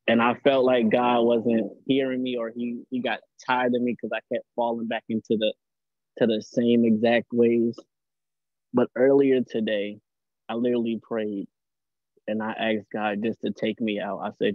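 A man giving an earnest, halting testimony on a live call, repeating words as he goes. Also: mid-range voice, no echo. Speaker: caller sharing a testimony. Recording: tinny phone-like line, dry.

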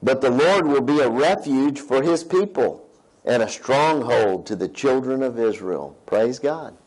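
A man's voice: medium pitch, expressive, unhurried, a little mellow, breathy edge, low-quality recording. A man preaching a sermon, reading scripture aloud and checking in with his listeners in a conversational way. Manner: conversational, reads scripture aloud and asks "right?". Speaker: pastor.

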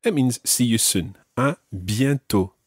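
A man's voice: mid-range voice, lively intonation, slow, husky, no echo, studio quality. A man teaching beginners in a podcast lesson, patiently explaining each phrase step by step and modelling its pronunciation. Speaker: language teacher.

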